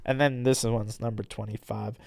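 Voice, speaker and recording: A streamer reading a comic aloud in a rambling, deadpan way, repeating "and then". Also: mid-range voice, moderate pace, vocal fry, no echo. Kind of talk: comedic comic-book read-along.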